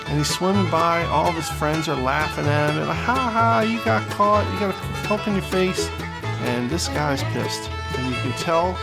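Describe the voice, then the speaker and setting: A man giving excitable, playful gameplay commentary as host of his gaming channel. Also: a little high, creaky. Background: loud game music.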